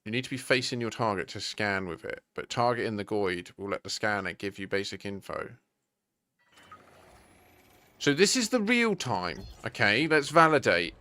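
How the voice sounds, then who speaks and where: A man's voice: lowish voice, very animated, normal speed, pushed and bright. A man casually chatting and rambling playfully while playing a space game with friends. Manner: rambling, playful, sings snatches. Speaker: game streamer. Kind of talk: casual gameplay chat.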